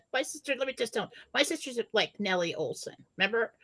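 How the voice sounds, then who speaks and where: A woman's voice: fairly high pitch, animated, a little fast, a bit bright. A woman co-hosting a casual talk show, telling stories animatedly and laughing as she goes. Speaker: co-host. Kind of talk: casual chat, storytelling.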